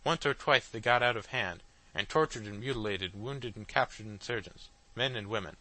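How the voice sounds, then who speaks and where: A man voicing a huge trumpet-faced male news machine that blares loud announcements in an audiobook. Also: lowish voice, moderate pace, rough recording. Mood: gloating.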